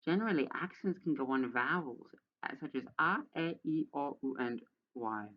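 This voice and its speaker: A man's voice: on the high side, fairly quick, hardly any pauses, highs cut off. A man giving sarcastic, exasperated commentary as he reads a how-to page aloud, with a lot of swearing. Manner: exasperated, profane ranting. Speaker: video creator.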